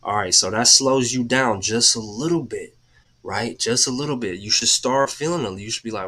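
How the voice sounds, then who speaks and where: A man hosting a live motivational talk in a casual way, with frequent "okay" and "all right", who leads slow, calm breathing cues. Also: medium pitch, breathy edge. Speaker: motivational host.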